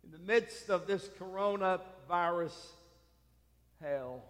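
Man, pastor, sermon, high voice, unhurried delivery, long echoing reverb. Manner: slow, emphatic preaching with soft dropped endings.

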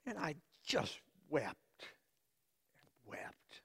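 A man playing Mary's middle-aged father, telling the story in an earnest, halting first-person monologue. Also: very high voice, expressive, long reverb tail, exaggerated voice. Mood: awed storytelling. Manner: slow, emphatic, with halting repeats and long pauses.

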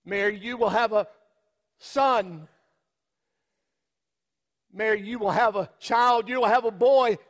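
A man playing Mary's middle-aged father, telling the story in an earnest, halting first-person monologue. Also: high voice, long reverb tail. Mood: awed storytelling. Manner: slow, emphatic, with halting repeats and long pauses.

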